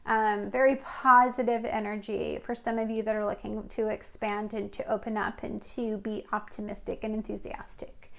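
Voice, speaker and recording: A woman's voice: mid-range voice, little pitch movement, normal speed, gravelly, hardly any pauses, fairly bright tone. A woman giving a casual tarot reading, talking in a chatty, rambling way with fillers. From Washington state. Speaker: tarot reader.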